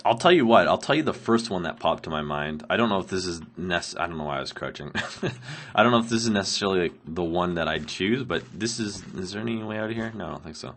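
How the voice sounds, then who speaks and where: Though he's sick, a Canadian let's player answers viewers' questions while building in Minecraft, chatting casually and rambling with frequent ums and laughs. He has a deep, slightly bright voice, talks fast, and uses lively intonation.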